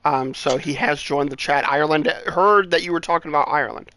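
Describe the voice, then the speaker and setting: A chatty man throws quick asides into a stream conversation. His voice is bright and sharp, pitched slightly high for a man. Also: no room sound. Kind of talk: casual chat.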